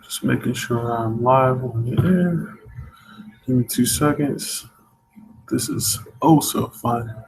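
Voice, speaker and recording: Male live-stream host, gravelly voice, casual and self-muttering, faint hiss behind. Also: medium pitch, takes it slowly, darkish tone, poor audio. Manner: chatty, muttering to himself while fixing tech.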